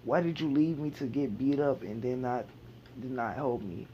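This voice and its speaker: A man's voice: mid-range voice, normal speed, a little hiss or hum, natural voice. A man voicing a hurt, questioning five-year-old boy ninja in a slightly raised voice, on a dull, lo-fi recording. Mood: pleading.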